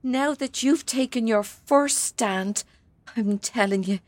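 A woman's voice: a little high, slow, no echo. An actress in her seventies with an Irish accent playing a fierce, defiant grandmother in prison. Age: 70s. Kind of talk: film drama acting.

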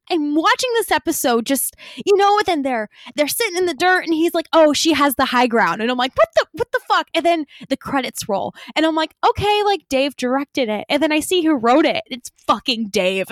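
A woman co-hosting a casual fan podcast, animated and ranting, swearing often and filling her talk with "like". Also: high-pitched, dry recording, clean studio sound. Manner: animated, swears a lot, many "like" fillers. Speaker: podcast co-host.

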